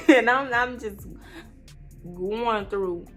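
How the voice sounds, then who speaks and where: A woman's voice: on the high side, extremely slow, faint music behind. Tearful young woman vlogger. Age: 20s. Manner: tearful, laughing through tears, rambling with many fillers. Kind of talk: emotional storytime.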